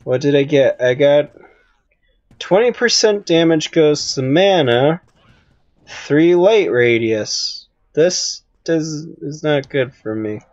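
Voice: medium pitch, expressive, slow pace, a little mellow, no echo, highs cut off. A gamer chatting with friends over voice chat, teasing them and reading out game loot in a playful way. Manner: playful, teasing, narrates game items aloud. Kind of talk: casual voice-chat banter during a game.

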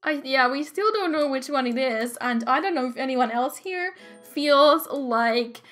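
A young woman hosts a life-sim let's play with a very high voice. Her tone is bright and sharp, and she talks slowly, breaking into gasps and dramatic cries at the game. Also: faint music behind. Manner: excitable, gasping, dramatic reactions. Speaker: gaming YouTuber.

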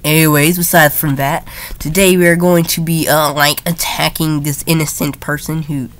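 A woman giving playful, jokey commentary while playing a strategy game, often jumping into silly high voices. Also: level tone, normal speed. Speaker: gaming YouTuber. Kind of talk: casual gameplay commentary.

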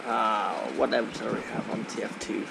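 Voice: medium pitch, steady tone, normal speed, vocal fry. A gaming host giving casual, playful commentary over a match, swearing and laughing now and then. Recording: loud game noise behind.

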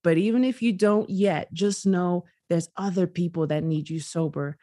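A woman, a guest author, talking candidly in a podcast conversation with earnest, animated storytelling. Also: lowish voice, moderate pace.

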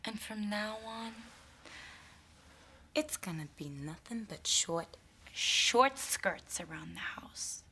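A teasing Long Island wife. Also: female voice, high voice, animated, slow pace, hardly any pauses, pushed and bright, a little hiss or hum, exaggerated voice.

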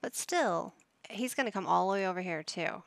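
A woman's voice: on the low side, lively intonation, normal speed, gravelly, no echo. A woman giving casual commentary while playing a life-sim game, coaxing and scolding her characters like a playful parent. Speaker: gaming YouTuber.

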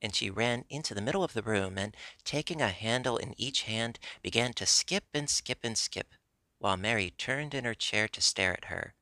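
A man narrating an audiobook in a steady, measured way. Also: on the low side, no echo.

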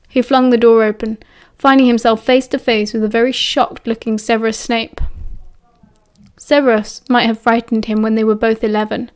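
A woman with a British accent narrating a novel as an audiobook, in a steady, expressive reading. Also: a little high, moderate pace, clean tone.

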